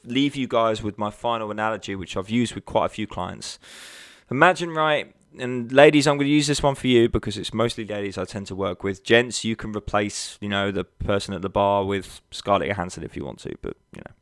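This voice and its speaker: Man, nutrition coach, lowish voice, blunt and sweary with punchy emphasis, dry close mic. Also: a bit bright, no echo. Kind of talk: casual motivational monologue.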